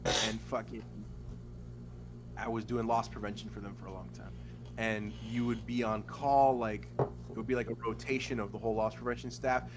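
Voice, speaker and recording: On a podcast, a male co-host with a lowish voice at a moderate pace spins a long, casual story. He rambles and swears often, packing in fillers and quoted voices, and turns animated whenever he acts out a quote.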